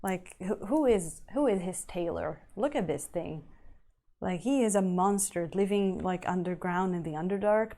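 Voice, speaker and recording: A woman's voice: lowish voice, moderate pace, dark tone. A woman chatting casually with her live-stream viewers while she paints a miniature, rambling and laughing often.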